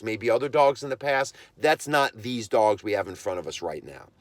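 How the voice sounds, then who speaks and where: A man's voice: fairly low pitch, expressive, a little fast, few pauses, no room sound. A man who trains dogs, hosting his own podcast and delivering a blunt, impassioned monologue. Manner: impassioned ranting, blunt and emphatic. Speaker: podcast host and dog trainer.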